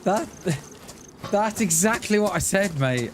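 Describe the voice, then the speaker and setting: A man's voice: high voice, lively intonation, a little slow, pauses often, background noise. A man chatting casually to viewers while streaming a game, laughing often and thanking people for donations. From Wales. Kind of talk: casual live-stream chat.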